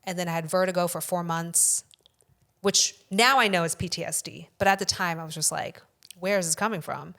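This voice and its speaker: A woman's voice: fairly low pitch, steady tone, brisk, a bit bright. A woman guest on a podcast, telling a story in a casual way, rambling and swearing for emphasis.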